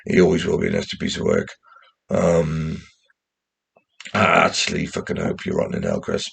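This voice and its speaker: Very deep gravelly rambling English man. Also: sing-song, normal speed. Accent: mixed West Midlands, Geordie and posh English. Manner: rambling, sweary, anxious. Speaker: channel host. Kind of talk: casual vlog monologue.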